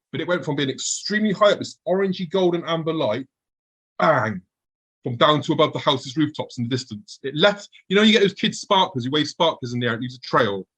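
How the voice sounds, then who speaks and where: A man's voice: on the high side, fairly bright tone, husky, low-quality recording. A man, a guest on the show, vividly recounting a personal encounter and acting out his own past thoughts as he goes.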